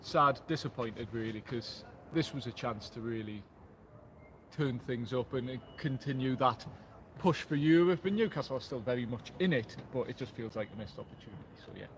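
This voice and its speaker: A man giving casual, measured football analysis outdoors at a stadium, sounding downbeat about the result. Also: mid-range voice, slight background noise. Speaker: football fan pundit.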